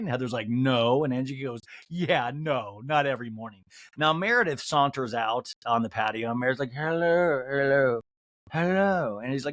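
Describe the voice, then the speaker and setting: A man hosting a comedy podcast, recapping a reality show episode and acting out the cast members' lines in quick put-on voices. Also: mid-range voice, animated, fairly bright tone, dry recording. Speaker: podcast host.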